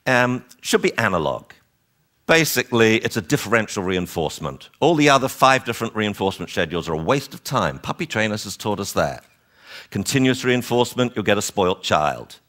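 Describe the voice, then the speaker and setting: A man lecturing a seminar on dog training, animated and wryly exasperated, acting out owners and dogs as he goes. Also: mid-range voice, moderate pace.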